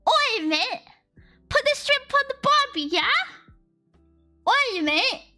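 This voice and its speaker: A woman's voice: very high-pitched, sing-song, slow pace, sharp tone, faint music behind, pitched above the performer's own voice, heavily acted. A woman playing an overdone Aussie bloke caricature in an exaggerated mock Australian accent, slangy and sing-song. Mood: joking.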